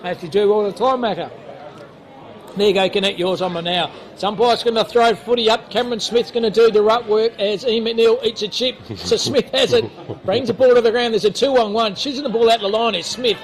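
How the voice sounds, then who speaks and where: High-voiced, jokey Australian commentator, a man. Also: fairly even intonation, a little fast. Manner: jokey, chatty banter between calls. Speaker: football commentator. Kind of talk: live local football commentary. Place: outdoors at a football ground.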